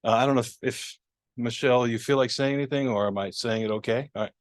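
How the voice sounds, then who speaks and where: A man's voice: mid-range voice, quick pace, no room sound. A man hosting a literary magazine launch, making casual announcements with many fillers and playful coaxing. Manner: chatty, filler-heavy, coaxing. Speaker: event organizer and magazine editor. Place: university library gallery reception.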